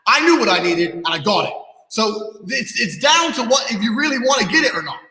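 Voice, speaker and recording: Very high-pitched and extremely animated, the guest's voice is bright and forceful, moving fairly quickly. He lectures listeners in a profane, heated podcast rant, with long reverb from an echoey room.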